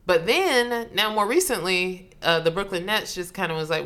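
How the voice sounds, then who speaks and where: Female co-host, casual banter, crisp bright tone, slightly low pitch, quick to laugh. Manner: laughs often, animated storytelling. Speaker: podcast co-host. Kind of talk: casual chat.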